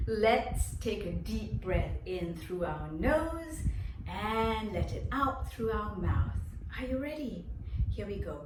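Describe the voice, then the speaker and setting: Woman, kindergarten drama teacher, slow deliberate pace, clear encouraging delivery, distant mic, echoey room. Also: medium pitch, sing-song, noisy background. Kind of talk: children's online lesson.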